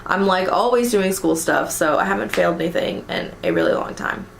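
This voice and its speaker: A woman's voice: lowish voice, huge pitch swings, fairly quick, vocal fry, reverberant, a little hiss or hum. A young American woman vlogger chatting casually through a list of questions, giggling often and filling with ums and likes. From United States. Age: young adult. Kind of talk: casual chat reading tag questions.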